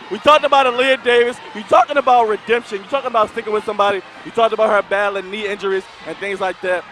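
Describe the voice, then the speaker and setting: A man calling a live basketball game as play-by-play announcer, emphatic and excitable. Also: high-pitched, fast talker, few pauses. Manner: emphatic, calls action with rising excitement. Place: arena broadcast position. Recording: roaring crowd and arena noise.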